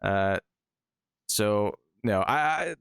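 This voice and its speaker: A man's voice: fairly low pitch, lively intonation, drawn-out words, gravelly, fairly bright tone, clear, resonant tone, dry recording, clean studio sound. Chatty man reviewing comics. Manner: chatty, retells plot with acted quotes, many fillers. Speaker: podcast co-host reviewing comics. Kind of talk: casual review chat.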